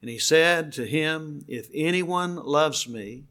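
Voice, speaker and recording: Older man, preacher, bright clear voice, a bit high-pitched, earnest, slow on key words. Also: expressive. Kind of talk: sermon.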